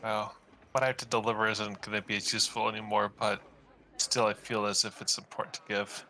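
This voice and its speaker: A man's voice: on the low side, flat delivery, fairly quick, pushed and bright. A man playing a tabletop game, speaking hesitantly with many ums. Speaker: player. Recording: faint background noise.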